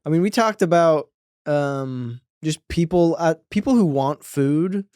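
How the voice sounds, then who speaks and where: Smooth-voiced young man, laid-back. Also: on the high side, animated, a little mellow, no room sound, clean studio sound. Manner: laid-back, agreeable, quick to laugh along. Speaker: podcast guest. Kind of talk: casual comedic chat.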